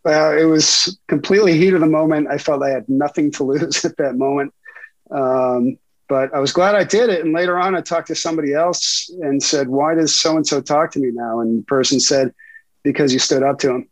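A middle-aged man, a sports reporter being interviewed, telling animated stories with frequent laughs and fillers. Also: on the high side, fairly quick, no room sound, poor audio. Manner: animated storyteller, laughs often, many fillers. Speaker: investigative sports reporter, guest. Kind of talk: casual interview storytelling.

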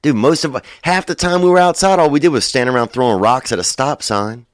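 A man's voice: medium pitch, brisk, no room sound, clean studio sound. A young man telling rambling, profane comic stories, loose and digressive, full of "dude" and "you know". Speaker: comedian. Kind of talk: rambling stand-up style monologue.

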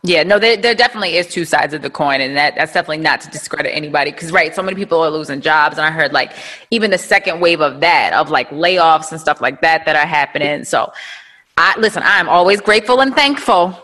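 Bright, dramatic New York woman. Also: sits low, quick pace. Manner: dramatic, expressive. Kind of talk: casual chat.

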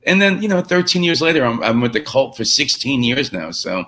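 A man's voice: mid-range voice, fairly quick, a little hiss or hum. A middle-aged man, a rock drummer telling stories in a casual interview and acting out the quoted lines. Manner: animated, acts out quotes in stories.

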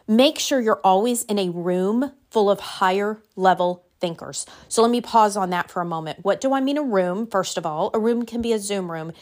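A woman's voice: medium pitch, darkish tone. Emphatic woman giving a motivational talk. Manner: emphatic and direct, lists numbered takeaways; repeats phrases for emphasis. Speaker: women's life coach.

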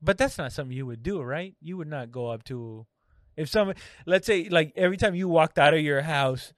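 A man's voice: on the high side, brisk, dry recording, clean studio sound. A man in casual podcast chat who swears freely and often restarts his sentences mid-thought.

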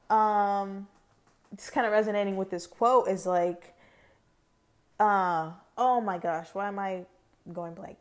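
A woman's voice: medium pitch, a little mellow. A young adult woman hosting a podcast, talking in a casual, rambling way about a spiritual journey, with many fillers and restarts. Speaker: podcast host.

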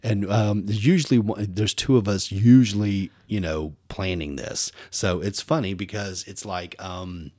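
Guy on a podcast, deep voice, super animated storyteller, dry close sound. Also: a little slow, few pauses, no room sound. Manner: animated, acts out voices in his stories. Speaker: podcast co-host. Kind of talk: casual storytelling chat.

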